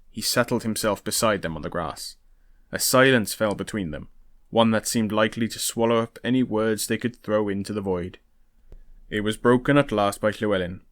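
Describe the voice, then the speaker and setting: A man with a fairly low voice reads a historical novel aloud, narrating in a steady, even storytelling manner. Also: normal speed. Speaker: audiobook reader.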